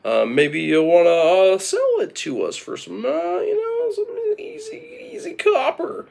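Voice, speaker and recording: A man voicing nervous egg farmers who haggle hesitantly in a high voice. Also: wildly swooping pitch, a little slow, vocal fry, darkish tone, exaggerated voice. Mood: sheepish.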